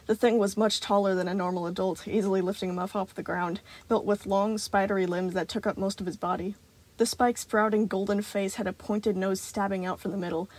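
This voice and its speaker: A woman narrating a piece of fan fiction aloud. Her voice sits at an ordinary middle pitch. She reads at an even pace with expressive phrasing. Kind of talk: storytelling narration.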